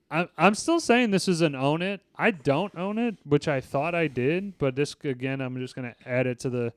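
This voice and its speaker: A man's voice: a little high, clear, resonant tone, no room sound, clean studio sound. A man hosting a casual movie review podcast, talking loosely and swearing now and then. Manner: loose, swearing, laid-back. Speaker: podcast host.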